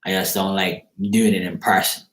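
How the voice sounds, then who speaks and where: A man with a fairly low voice rambles through a story in a loose, casual way, and his speech is peppered with swearing. He talks to the camera from his own apartment, and the sound bounces around an echoey room. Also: little pitch movement, moderate pace, fairly bright tone. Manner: loose, profane, rambling retelling. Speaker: psychic card reader.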